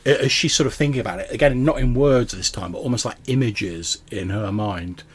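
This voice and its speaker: A man's voice: fairly low pitch, fairly quick, husky. A man narrating as game master of a tabletop game, rambling with lots of fillers. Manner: rambling, full of "like" and "sort of".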